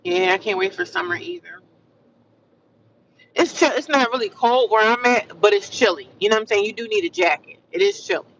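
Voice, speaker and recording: An American woman chatting casually with her livestream viewers, animated and repetitive, calling them honey and sis. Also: mid-range voice, a little fast, far from the mic, dull audio, slight background noise. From United States. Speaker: livestream vlogger.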